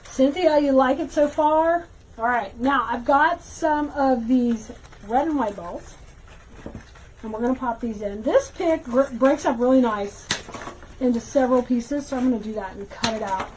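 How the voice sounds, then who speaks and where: A woman hosting a casual livestream craft tutorial, chatting with viewers and thinking out loud as she works. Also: high-pitched, moderate pace, slight background noise, poor audio. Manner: chatty, reads viewer comments aloud, thinks out loud while working. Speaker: wreath-making teacher and livestream host.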